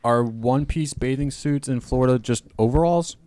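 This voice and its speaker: A man's voice: mid-range voice, moderate pace, warm tone, no room sound. A man in casual podcast chat who jokes around and acts out silly little scenes. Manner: jokey, acts out silly bits.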